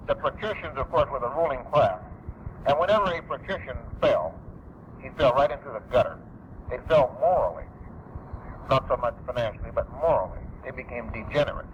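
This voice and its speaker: A man delivers a public speech in an emphatic, insistent way, hammering his key phrases again and again. His voice sits at an ordinary middle pitch. The tape is dull and lo-fi, with a faint hiss of noise underneath. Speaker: public speaker.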